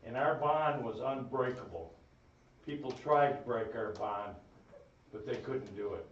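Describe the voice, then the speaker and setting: A man gives a eulogy in a folksy, rambling storytelling manner, his pitch mid-range. He is heard from a distance in a reverberant funeral home chapel. The sound is dull, with faint noise behind it. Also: measured pace. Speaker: eulogist, brother of the deceased. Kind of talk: funeral eulogy with family stories. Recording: echoey room, distant mic, dull sound.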